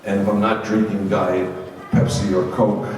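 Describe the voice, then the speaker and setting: A man's voice: lowish voice, little pitch movement, a little slow, darkish tone. A man from Brooklyn with a Brooklyn accent gives an informal, anecdotal talk to students as a university president. He speaks conversationally and often repeats or restarts words. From Brooklyn, New York. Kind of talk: informal speech to an audience. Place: large echoey school hall. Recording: echoey hall, distant mic, faint noise.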